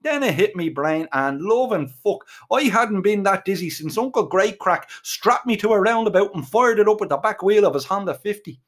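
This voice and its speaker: Lively, swearing Irish storyteller man. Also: sits high, moderate pace, few pauses. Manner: crude, profane, colourful swearing. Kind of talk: comic storytelling narration.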